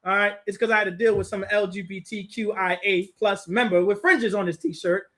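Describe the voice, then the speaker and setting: A man telling a story in casual chat, animated and laughing often, acting out what others said. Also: high-pitched, a little fast. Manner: animated, laughing, acts out quotes. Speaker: group teacher.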